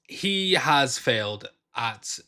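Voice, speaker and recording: A man's voice: mid-range voice, animated, very slow, sharp tone. A young man talking casually and frankly to his viewers in a vlog, with frequent fillers and restarts. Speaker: vlogger.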